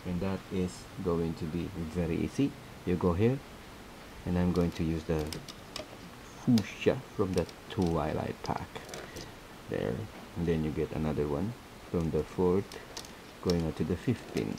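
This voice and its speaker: A man's voice: low voice, unhurried, gravelly, noisy background. A man hosting a casual step-by-step craft tutorial, chatty and laughing often as he repeats his instructions.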